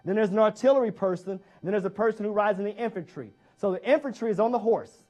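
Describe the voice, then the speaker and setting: Delivering a motivational speech, a man with a fairly high, somewhat dark-toned voice talks fast and emphatically. He hammers his points home by repeating key phrases and keeps firing direct questions at his audience.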